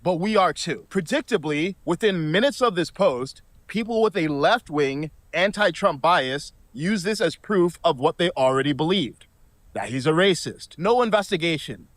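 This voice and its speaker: A man giving scripted video commentary in a measured, reasoned delivery. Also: fairly high pitch, expressive, no echo.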